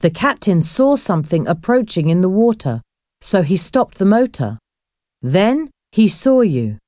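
A woman voicing a kindly ship's nurse who speaks calmly and reassuringly with a mellow tone. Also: fairly low pitch, a little slow, no echo, clean studio sound.

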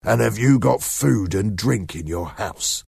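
Aggressive convict, husky and menacing; man doing the voice in a storybook reading. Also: lowish voice, animated, a little slow, a little mellow, no echo, studio quality, heavily acted. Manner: aggressive, threatening. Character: menacing, hungry escaped male convict.

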